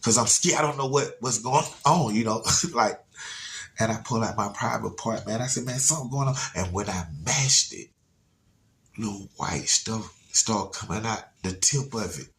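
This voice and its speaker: A man's voice: fairly low pitch, moderate pace, creaky, a bit bright, a little hiss or hum. A man telling a personal story to viewers in a casual, slangy way, repeating words and laughing now and then.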